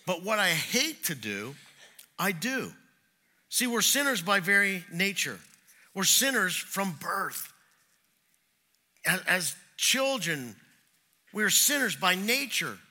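A middle-aged man delivers a sermon in a bright, somewhat high voice. He tells stories from his own life and acts out the voices he quotes, dropping to a hush and then rising loud again. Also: slow, pauses often. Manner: animated storytelling, acts out quoted voices, swings between loud and hushed. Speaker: pastor.

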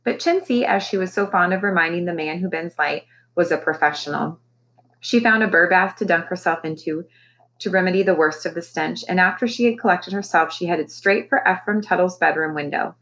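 A woman teacher reading a children's novel aloud with expressive storytelling. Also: lowish voice, brisk, poor audio.

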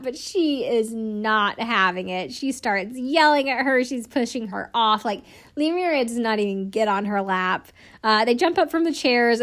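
A young woman casually recapping a reality show, chatty, swearing freely and laughing often. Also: a little high.

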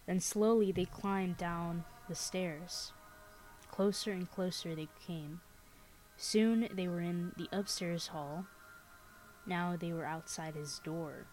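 A young woman co-hosting a podcast, reading a scary story aloud in a laid-back, unhurried way, and chatting casually. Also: lowish voice, fairly even intonation, a little mellow, faint music behind, rough recording. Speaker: podcast co-host.

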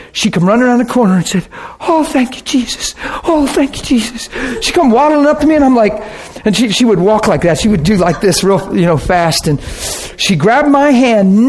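Animated male preacher telling a story. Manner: animated, acts out quotes with big pitch jumps. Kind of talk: sermon storytelling.

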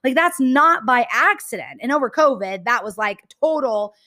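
Bright-voiced woman telling her story. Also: on the high side, expressive, moderate pace. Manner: earnest, candid, says "like" and "y'all" often. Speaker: podcast host. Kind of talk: personal story talk.

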